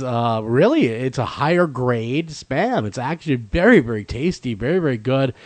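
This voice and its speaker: A man co-hosting a podcast in casual joking banter, telling drawn-out stories. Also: mid-range voice, no room sound. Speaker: podcast co-host. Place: in Minnesota.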